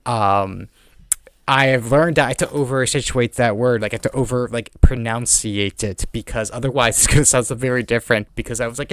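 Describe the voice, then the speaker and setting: In a dry, studio-quality recording, a podcast host with a strong non-native accent rambles through casual chat. His mid-range voice is a bit bright, and he talks quickly, full of fillers and false starts.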